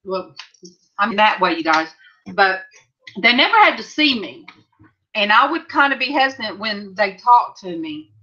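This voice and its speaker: A woman's voice: medium pitch, sing-song, a little slow, long pauses, pushed and bright. A middle-aged woman from California hosting a livestream from her home craft room, chatting and rambling as she answers viewers' comments. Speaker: livestream host. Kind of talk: casual chat with viewers. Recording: slightly dull lo-fi sound.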